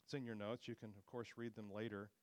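A man's voice: on the low side, little pitch movement, quick pace, a little mellow, no room sound. A man preaching a sermon with earnest, expository delivery, lifting his voice when he quotes scripture.

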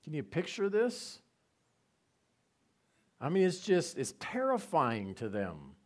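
A man giving a conversational Bible teaching, relaxed and asking his listeners rhetorical questions. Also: a little high, takes it slowly.

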